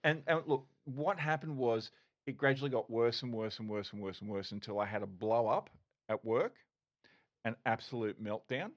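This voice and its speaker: A man's voice: mid-range voice, moderate pace. A middle-aged man, a former police officer, telling his story candidly as a podcast guest, swearing and restarting often.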